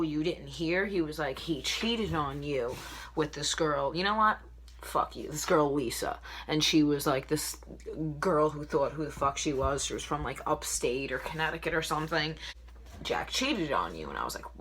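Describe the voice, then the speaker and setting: A woman's voice: sits low, a bit bright. A young woman telling a brash, swearing story for her vlog, recorded indoors on a camera mic. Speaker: vlogger.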